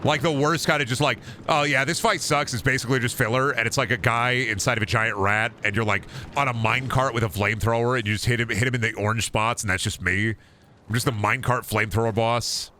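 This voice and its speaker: A man's voice: medium pitch, fairly even intonation, fast, sharp tone, slight background noise. A man streaming a game, rambling through sarcastic, profane riffs and slipping into goofy voices for bits. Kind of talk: casual gameplay commentary.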